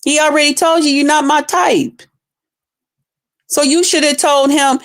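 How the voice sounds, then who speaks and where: A woman's voice: high voice, steady tone, measured pace, pauses often. A woman streamer delivering a scornful, confrontational rant full of constant cursing. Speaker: online streamer. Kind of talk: profane ranting commentary.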